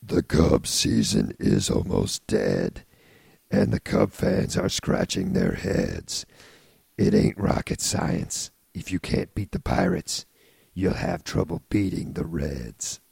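Brief: bottom-of-the-range gravel voice, husky, dragging slowly through a comic poem. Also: male voice, big pitch swings, a little mellow, no echo, studio quality, exaggerated voice. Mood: mock-solemn. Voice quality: extreme vocal fry. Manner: slow, rumbling, husky delivery. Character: gravelly deep-voiced man reciting a rhyme.

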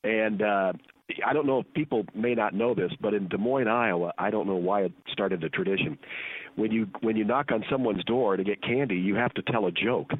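Husky-voiced male radio guest. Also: on the low side, brisk, narrow, tinny audio. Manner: relaxed, wry anecdote teller. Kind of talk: casual radio chat.

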